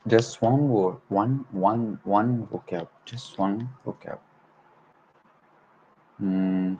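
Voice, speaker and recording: Speaking in a warm tone, a low-voiced Arabic-speaking learner works slowly through vocabulary on his livestream, repeating each word one at a time. The dull lo-fi home recording has a faint noise underneath.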